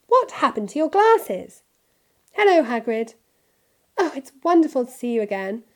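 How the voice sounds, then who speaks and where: A woman reading aloud, voicing an eager, quick-talking schoolgirl witch in a high voice. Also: very animated. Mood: excited. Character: bossy, eager schoolgirl witch with bushy hair.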